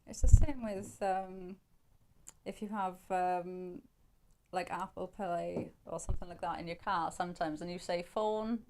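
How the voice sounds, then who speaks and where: A woman's voice: lowish voice, steady tone, measured pace, mellow. A woman with a Welsh accent, demonstrating crafts on a live shopping show, talking through each step as she works.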